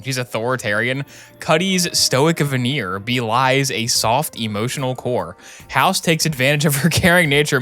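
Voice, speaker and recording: A man's voice: medium pitch, sharp tone. A man streaming a game, reading its text aloud with chatty, sarcastic commentary. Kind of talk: casual gameplay commentary.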